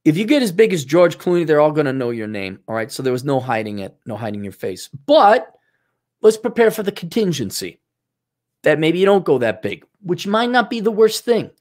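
A man's voice: on the high side, very animated, a little fast, darkish tone. A man giving casual, blunt advice in a rambling way, often stopping and restarting his sentences.

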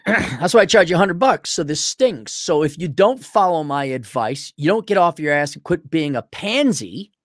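Brash, mocking male advice host, lively sarcastic delivery, dry close recording. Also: on the high side, moderate pace, dry recording. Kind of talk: blunt paid advice rant.

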